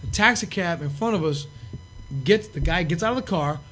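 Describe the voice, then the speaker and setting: A man's voice: sits high, a little fast, slight background noise. A middle-aged man telling stories in casual, profane talk and acting out the voices of the people in them. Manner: profane, animated storyteller acting out quotes. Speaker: podcast guest. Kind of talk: casual storytelling.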